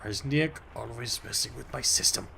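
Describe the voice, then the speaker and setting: A man commenting as he plays a story game, jokey and excitable, often laughing at himself. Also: medium pitch, moderate pace, creaky, a little hiss or hum. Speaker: gameplay commentator. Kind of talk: let's play commentary.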